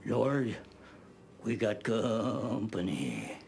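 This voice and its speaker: A man's voice: lowish voice, big pitch swings, extremely slow, gravelly, darkish tone, a little hiss or hum, full character voice. An actor playing a folksy older male barber who spins rambling yarns in an easygoing way. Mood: amiable. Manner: easygoing, rambling yarn-spinner.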